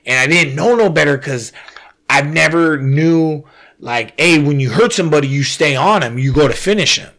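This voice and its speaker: A man telling a story in casual conversation, animated and slangy, swearing often and calling the listener "bro". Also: on the high side, moderate pace. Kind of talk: casual chat.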